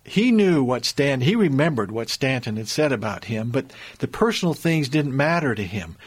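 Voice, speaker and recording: Man telling a historical story earnestly. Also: mid-range voice. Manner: earnest, builds emphasis, frequent restarts.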